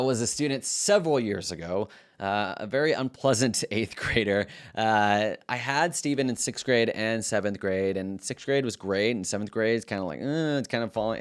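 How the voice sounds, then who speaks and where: A male middle school teacher tells classroom stories to camera in a casual, relaxed, reflective way, earnest in manner. His voice sits on the low side with a clean tone, and his delivery is loose, with frequent stumbles and restarts as he thinks aloud.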